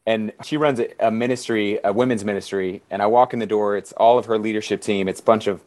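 A man's voice: fairly low pitch, steady tone, fast talker, darkish tone. A man, a pastor and author, talking earnestly as a guest in a conversational interview and telling stories with animation.

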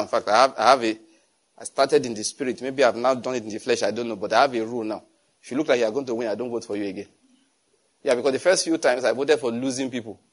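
Husky Nigerian pastor preaching. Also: male voice, medium pitch. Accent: Nigerian English. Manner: conversational, digressive preaching that swings from hushed asides to loud emphasis. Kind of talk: sermon.

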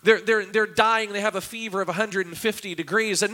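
Man, pastor, sermon, high voice, bright tone, dramatic quotes. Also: fairly even intonation, a little fast, hardly any pauses. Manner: dramatic, acts out quotes with raised voice. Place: church.

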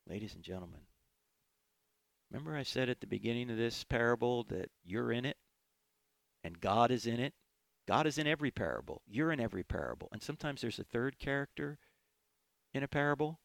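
A man's voice: medium pitch, big pitch swings, moderate pace, vocal fry, long pauses, fairly bright tone, no echo. A man hosting a radio Bible teaching show, speaking emphatically and posing questions he then answers himself, into a studio microphone. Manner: emphatic, asks and answers his own questions.

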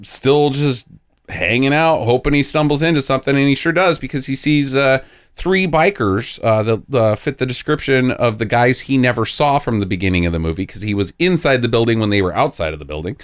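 A man's voice: mid-range voice, expressive, fairly quick, smooth, dry recording, studio quality. A man casually recapping a movie plot with jokes, lots of fillers and a rambling manner.

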